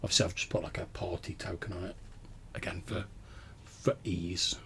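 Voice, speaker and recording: A man's voice: low voice, little pitch movement, moderate pace, gravelly, bright, forceful tone, a little hiss or hum. A man narrating as game master of a tabletop game over a call, describing scenes at length with lots of fillers.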